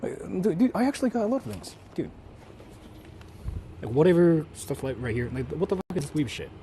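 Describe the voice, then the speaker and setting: Man, street streamer, profane and mocking, mixes English and Japanese, mellow dark tone, handheld mic outdoors, faint traffic noise. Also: fairly high pitch, very animated, a little fast. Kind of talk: casual live-stream chatter. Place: out of doors in a city at night.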